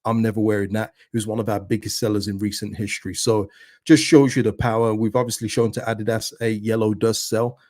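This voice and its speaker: A man's voice: lowish voice, steady tone, a little fast, darkish tone, no room sound, studio quality. A man hosting a casual football chat stream, talking straight to his viewers. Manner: chatty, talks straight to viewers. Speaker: football channel host.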